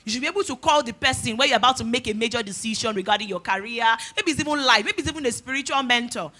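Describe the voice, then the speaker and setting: A woman's voice: a little high, rapid-fire, bright, forceful tone. A woman, a guest speaker giving earnest, direct career advice at a conference. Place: conference stage before an audience.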